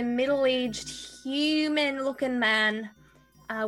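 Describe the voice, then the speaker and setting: Young woman DM, high and bright, descriptive narration with fillers. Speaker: dungeon master. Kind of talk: narrating a tabletop game.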